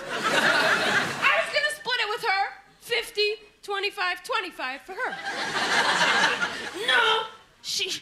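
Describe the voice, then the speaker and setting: High-pitched lady comic roasting the crowd, slow and lively, noisy live recording. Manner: brash, insulting the audience. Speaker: stand-up comedian. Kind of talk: stand-up comedy routine. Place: comedy stage before live audience. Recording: live show with audience laughter and noise.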